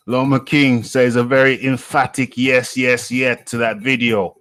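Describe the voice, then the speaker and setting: Slow, playful man hosting a live chat. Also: medium pitch, fairly bright tone. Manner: playful, repetitive, chuckling, drawn-out phrasing. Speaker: live show host reading chat. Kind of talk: casual live-stream chat.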